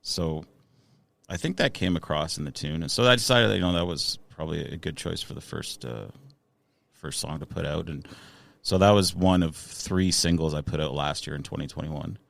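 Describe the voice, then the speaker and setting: A man's voice: rumbling low, moderate pace, creaky, dry recording. A man in his thirties, a musician guest on a casual podcast, talking with hesitant fillers and restarts.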